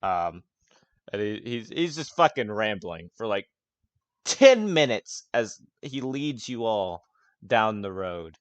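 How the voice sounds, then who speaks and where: A man's voice: lowish voice, very animated, slow, no room sound. A young man narrating as game master in a loose, laughing, casual way. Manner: casual, laughing, lots of fillers and swearing.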